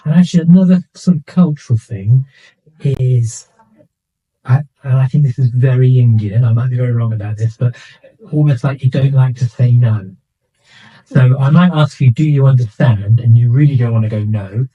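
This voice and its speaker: A man's voice: medium pitch, normal speed, dark tone, breathy edge, muffled recording. An older man, a senior nurse chatting casually as an interview guest, self-mocking and acting out little quoted exchanges.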